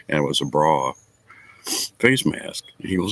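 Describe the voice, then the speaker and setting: A man with a very low, husky voice chats casually with viewers of his stream. He laughs often and swears freely. The sound is dry and close. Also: a little fast, a bit bright, no room sound. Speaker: livestream host chatting with viewers. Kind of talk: casual chat.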